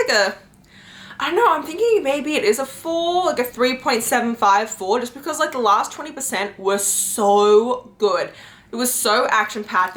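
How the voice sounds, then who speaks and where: A woman's voice: medium pitch, a bit bright. A young woman in her twenties chatting casually in a vlog, rambling with lots of fillers and giggles. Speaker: book vlogger. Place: home room and outdoors on a lunch break. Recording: echoey room.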